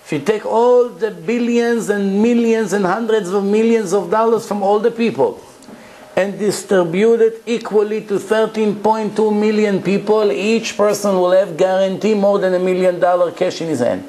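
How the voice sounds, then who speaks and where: A man's voice: high-pitched, steady tone, normal speed, mellow, low-quality recording. A man, a rabbi, giving a Torah lecture to a live audience, preaching emphatically and telling stories with rhetorical questions.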